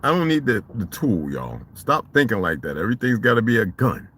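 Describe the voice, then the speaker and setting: A man telling a story in a casual vlog monologue, animated and profane, in street slang. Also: fairly low pitch, brisk, breathy edge, no room sound. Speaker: vlogger.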